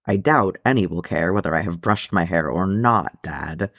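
A man's voice: sits low, moderate pace, a bit bright, no echo, studio quality. A man doing a grumbling, weary dwarf son. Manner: grumbling, sighing.

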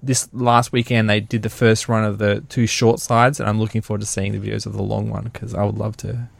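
A man's voice: fairly low pitch, level tone, fairly quick, gravelly, no room sound. A man co-hosting a podcast in casual chat, rambling and laughing through his jokes. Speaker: podcast co-host.

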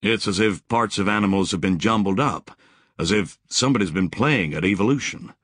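A man's voice: on the low side, a little fast, fairly bright tone, no room sound, studio quality. A man voicing a wary adult male explorer in an audiobook, skeptical and questioning.

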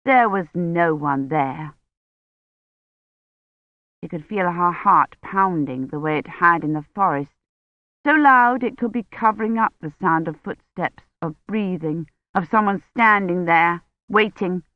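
A woman narrating an audiobook in a measured, tense storytelling manner. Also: fairly low pitch, no room sound, muffled recording. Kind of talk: scripted narration.

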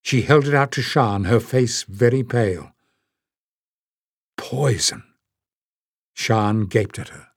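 Male audiobook narrator, steady, mid pitch, dry close recording. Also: moderate pace, hardly any pauses, dry recording. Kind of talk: scripted narration.

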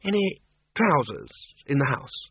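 A man voicing a tired, polite old male zombie wizard who speaks slowly and apologetically in a storybook reading, on a thin, tinny recording. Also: on the high side, big pitch swings, slightly rough, no echo, exaggerated voice. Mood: weary. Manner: slow, drawn-out, apologetic.

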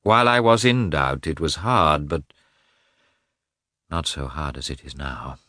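A man's voice: a bass voice, measured pace, pushed and bright, no room sound, studio quality, full character voice. A man reading a cold, formal, wounded middle-aged husband who talks in a clipped way, for an audiobook. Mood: bitter. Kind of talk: audiobook character voice.

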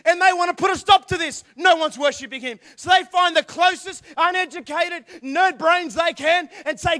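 Man, very high voice, youth preacher, lively sermon, quiet asides then shouting. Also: normal speed, few pauses. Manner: animated, acts out angels' voices, swings from quiet asides to shouts. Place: church youth hall.

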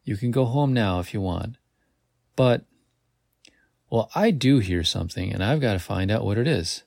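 A man's voice: fairly low pitch, lively intonation, moderate pace, gravelly, darkish tone, dry recording, clean studio sound. Ardan, a stammering dreamy boy, read by a man. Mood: earnest. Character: dreamy young boy who longs to be a bard.

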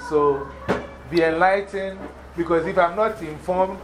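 A man's voice: high-pitched, a little slow, slight background noise, low-quality recording. African-accented man giving a motivational classroom talk. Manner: emphatic, repeats points and checks understanding with questions. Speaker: guest speaker to schoolchildren. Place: school classroom.

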